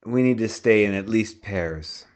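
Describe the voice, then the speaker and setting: A man's voice: on the low side, measured pace, a little mellow. A man playing in a tabletop game, throwing in joking asides. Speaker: player.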